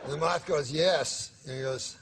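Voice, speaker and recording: A man who is a talk show guest, telling a long rambling joke in a halting, deadpan drawl full of "he says" asides, in a TV studio with a laughing audience. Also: fairly high pitch, a faint crowd, a little hiss or hum.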